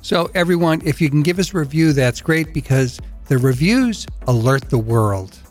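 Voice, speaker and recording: A man's voice: a little high, expressive, normal speed, faint music behind. Older joking man podcast co-host. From Massachusetts, USA. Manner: teasing, jokey, self-deprecating. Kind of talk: casual chat.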